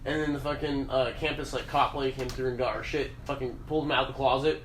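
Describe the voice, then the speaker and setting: A man's voice: medium pitch, fairly even intonation, fast talker, a bit bright. A young man telling a story as a podcast host, casual and profane, rambling along. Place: podcast room. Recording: roomy echo, faint hiss.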